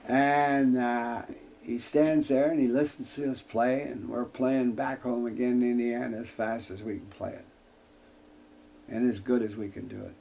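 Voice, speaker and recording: A man's voice: mid-range voice, steady tone, moderate pace, creaky, warm tone, slight background noise. An older man from the United States, a guest in an interview telling a long anecdote in folksy wording with frequent "I says" and acting out other people's lines. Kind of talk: storytelling anecdote.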